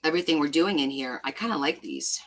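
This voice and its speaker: A woman's voice: low voice, big pitch swings, quick pace. A woman chatting casually to her viewers as she works on a junk journal, gushing over stickers with a self-described valley-girl lilt. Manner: chatty, talks to herself while sorting stickers, gushing. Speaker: crafting vlogger. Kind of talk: casual chat while crafting.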